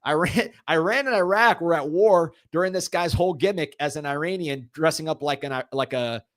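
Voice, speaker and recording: Man, co-host, casual sports podcast chat, joking and rambling, slightly high voice. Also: brisk, a bit bright, dry recording, clean studio sound. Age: 30s or older. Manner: joking, rambling, laughs often.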